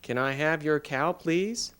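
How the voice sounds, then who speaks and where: A man voicing a poor old man in a fairy tale who begs in a whining, high voice. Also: slow pace, fairly bright tone, smooth. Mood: begging. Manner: whining, begging.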